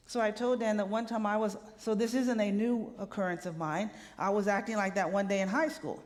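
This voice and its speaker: A woman minister preaches in a lively, conversational way and keeps tossing "right?" out to the room. Her voice sits mid-range. A long hall reverb trails behind each phrase. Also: medium pitch, brisk. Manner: animated, conversational preaching with rhetorical "right?" asides. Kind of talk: sermon. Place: church sanctuary.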